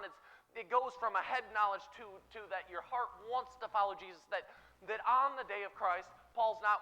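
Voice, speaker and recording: High, bright male pastor, chatty sermon, long church reverb. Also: moderate pace. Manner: casual, animated preaching with frequent "right?".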